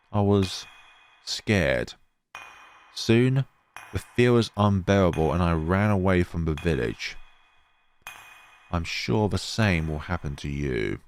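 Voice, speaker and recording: A man voicing a gloomy, quiet young man haunted by guilt, speaking low and subdued. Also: a little hiss or hum, exaggerated voice.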